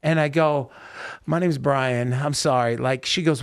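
Animated male podcast host telling stories. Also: fairly high pitch, a little slow. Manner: animated storyteller acting out quotes. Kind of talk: casual storytelling chat. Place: podcast studio.

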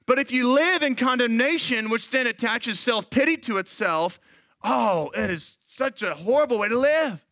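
A man in his thirties preaching a sermon as pastor, animated and acting out quoted voices. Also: very high-pitched, moderate pace, dry recording.

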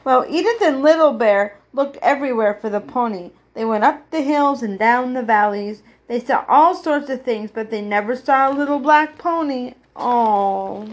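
A woman reading a children's story aloud, expressive, with gasps and little asides. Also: sits high, moderate pace, few pauses.

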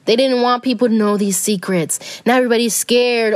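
A woman's voice: on the high side, fairly quick, few pauses, no room sound, studio quality. A young adult woman hosting a podcast, talking casually about self-help and spirituality in a rambling way with many fillers. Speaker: podcast host.

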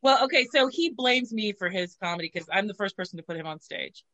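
A woman's voice: medium pitch, lively intonation, fast talker, a bit bright, no room sound, highs cut off. A woman hosting a casual podcast chat, telling crude stories with lots of giggles and "you know.". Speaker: podcast host.

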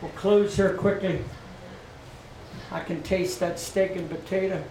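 A middle-aged pastor with a high voice preaches in a repetitive call-and-response style. He is picked up from a distance in an echoey church, with faint ambient noise behind him. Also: steady tone, a little slow. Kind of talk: sermon. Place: church sanctuary.

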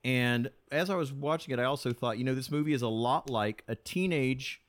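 A man's voice: mid-range voice, fairly quick, dry recording, clean studio sound. Chatty man guest on a podcast. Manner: chatty, enthusiastic, with frequent restarts. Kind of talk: casual podcast chat.

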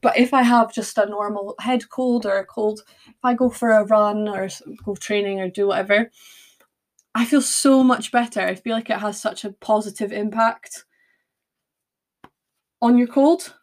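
A woman's voice: medium pitch, steady tone, normal speed. A young woman hosting a podcast, talking casually with fillers, tangents and self-deprecating asides. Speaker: podcast host. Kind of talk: casual solo podcast chat.

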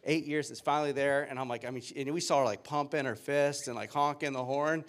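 A man's voice: medium pitch, steady tone, fast talker. A man in his thirties, a pastor giving a sermon with upbeat, joking storytelling.

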